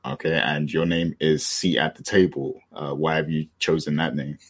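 A British man with a very deep voice and a husky edge hosts a podcast. He talks casually and loosely, full of fillers and restarts, as he gets to the topic. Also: moderate pace. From Britain. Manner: relaxed and rambling, many fillers and restarts. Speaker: podcast host.

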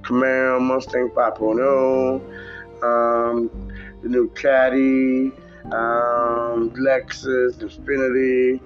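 A man telling rambling, profane stories from his driving work in a casual podcast chat, jumping into a high voice when quoting people. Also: level tone, takes it slowly, dull audio, soft background music. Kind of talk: casual storytelling.

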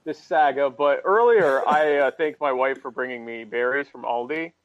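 A man co-hosting a casual political podcast, talking in a mocking way and pushing his voice high for effect. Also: moderate pace, no echo, highs cut off. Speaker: co-host.

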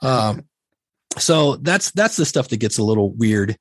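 In a dry recording, an unhurried middle-aged man with a mid-range voice and lively intonation talks casually on a podcast. He rambles and speaks candidly, mocks himself and keeps acting out conversations he's had.

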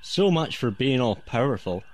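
A man's voice: medium pitch, big pitch swings, normal speed, a little mellow, natural voice. A man voicing a sarcastic male helmsman stuck in charge and grumbling about it.

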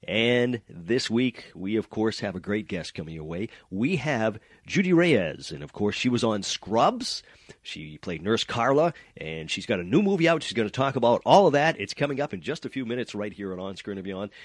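A man's voice: fairly low pitch, very animated, moderate pace, no echo. A man hosting an entertainment show while stuffed up with a cold, chatting along with many uhs. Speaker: host.

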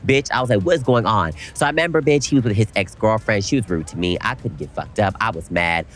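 A young man co-hosting a podcast, telling an animated story in casual chat and swearing freely. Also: on the low side, quick pace, soft background music. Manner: animated storytelling, frequent cursing. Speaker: podcast co-host.

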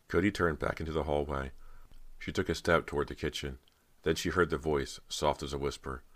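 A man narrating a horror audiobook in a steady storytelling manner. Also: rumbling low, brisk, no room sound.

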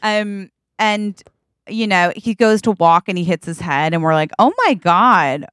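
A woman's voice: on the low side, moderate pace, clear, resonant tone, no room sound, clean studio sound. A woman co-hosting a podcast, telling a comedic story casually and acting out the quotes. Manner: animated, acts out quotes with a changing voice. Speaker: podcast co-host.

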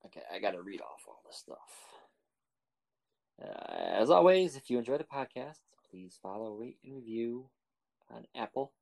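A man's voice: mid-range voice, brisk, creaky, darkish tone. A man hosting a podcast in casual, joking chat, laughing often and rambling loosely. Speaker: podcast host.

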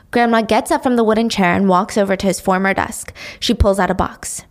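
A woman's voice: medium pitch, steady tone, fairly quick, hardly any pauses. A woman recapping a drama in a casual, chatty way, with offhand swearing.

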